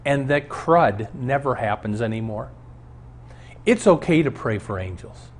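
A man's voice: mid-range voice, animated, unhurried. A man who is a pastor, teaching a Bible lesson on a show and telling stories from his own life in an earnest preaching manner.

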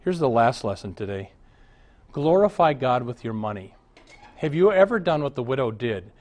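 A man's voice: mid-range voice, normal speed. A man, a pastor, preaching a sermon full of anecdotes, mixing humor with exhortation. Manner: animated storytelling, mixes humor with exhortation.

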